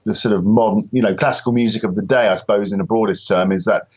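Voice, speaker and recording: Man from Britain, chatty, self-mocking, deep-ish, lo-fi sound. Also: fairly even intonation, fast, a little mellow. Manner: self-deprecating, rambling, joking. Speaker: musician guest. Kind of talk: casual interview chat.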